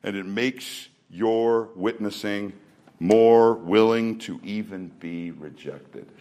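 A man's voice: fairly low pitch, slow, mellow. A man preaching a sermon, earnest and emphatic, who repeats phrases for weight. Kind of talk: sermon with scripture reading.

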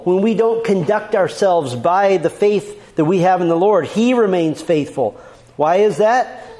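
A man with a high voice delivers a sermon from the pulpit. He preaches with steady emphasis, repeats each key point for weight and reads out scripture references one after another. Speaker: pastor.

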